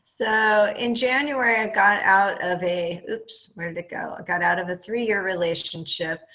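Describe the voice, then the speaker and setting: A woman's voice: medium pitch, measured pace, sharp tone, low-quality recording. A woman co-hosting a talk, reading a listener's question aloud carefully. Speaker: co-host.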